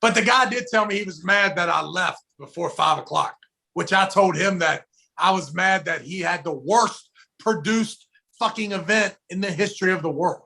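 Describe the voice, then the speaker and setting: The storyteller here is a podcast co-host with a high-pitched, creaky voice and a moderate pace. Chatting casually, he swears freely and animatedly acts out the quotes of people in his story.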